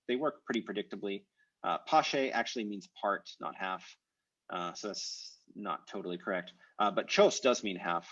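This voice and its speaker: A man leads an online language lesson by video call in a lowish voice, the recording stripped of its upper frequencies. He explains patiently, step after step, leaning on plenty of "uh" and "um."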